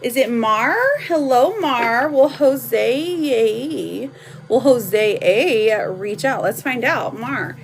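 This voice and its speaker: A woman in her thirties reads tarot cards on a noisy home live stream, chatting affectionately with viewers and laughing often. Her voice is slightly high and gravelly.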